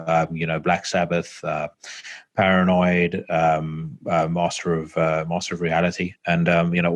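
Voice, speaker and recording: A man hosting a podcast, chatting casually and rambling with lots of fillers and the odd swear word. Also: deep voice. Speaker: podcast host. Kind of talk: casual chat. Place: home podcast setup.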